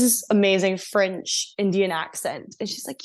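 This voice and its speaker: A woman's voice: medium pitch, measured pace. Earnest woman telling her story. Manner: earnest, animated storytelling with laughs. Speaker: guest. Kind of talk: casual interview.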